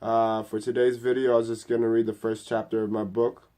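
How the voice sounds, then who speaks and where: A man on his vlog who greets viewers brightly and then reads his own book aloud with dramatic emphasis. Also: fairly low pitch, little pitch movement, a little fast.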